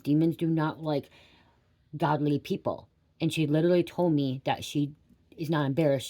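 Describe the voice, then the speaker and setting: A woman's voice: sits low, dark tone. A middle-aged woman giving a casual spiritual reading to camera. She rambles, swears bluntly and keeps checking in with "okay?". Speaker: tarot reader.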